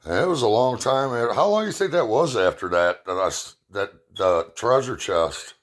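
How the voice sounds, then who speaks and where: A man's voice: lowish voice, expressive, normal speed. A middle-aged man telling personal stories at home in a rambling, plain-spoken, profane way. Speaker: storyteller. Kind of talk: casual personal storytelling.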